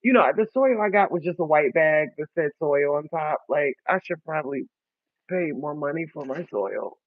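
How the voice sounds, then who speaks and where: A man with a high voice chats casually as he gets his first garden seeds ready. He laughs at himself and trips over words as he reads the seed packets aloud. The sound is tinny like a phone line and very dry. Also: lively intonation, no echo. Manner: chatty, self-mocking, reads labels aloud haltingly. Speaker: vlogger. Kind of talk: casual chat while gardening.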